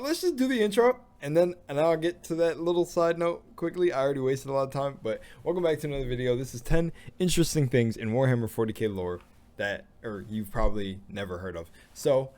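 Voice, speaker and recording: Male reaction host, casual to-camera chat, low-ish voice, rambling and self-interrupting. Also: darkish tone. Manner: rambling, restarts and trails off.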